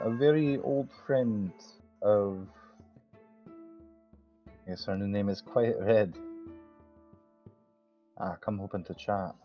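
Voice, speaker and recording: A man's voice: mid-range voice, lo-fi sound. A man playing his character in a tabletop game, speaking in a friendly, hesitant way with plenty of fillers. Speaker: player. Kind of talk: in-character tabletop role-play.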